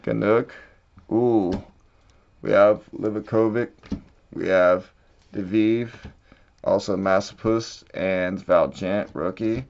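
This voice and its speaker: A man with a lowish voice talks slowly through a card pack opening, murmuring each name as he flips, then shouting when a big card turns up. The sound is dull and low-fi. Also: steady tone, vocal fry. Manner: reads card names off quietly, bursts out at big hits. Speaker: card-breaking channel host. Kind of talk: casual pack-opening commentary.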